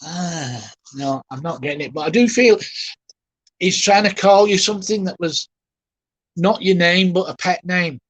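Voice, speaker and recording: A high, husky male voice belongs to a spiritualist medium doing a live reading. He's gentle and halting, frequently emotional, softly reassuring the person he speaks to. No room sound is audible.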